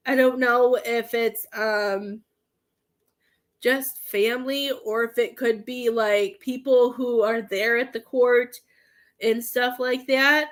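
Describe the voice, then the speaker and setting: A woman giving a spiritual reading in a casual, halting way, repeating herself and fighting back tears. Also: a little high, steady tone. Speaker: psychic medium giving a reading.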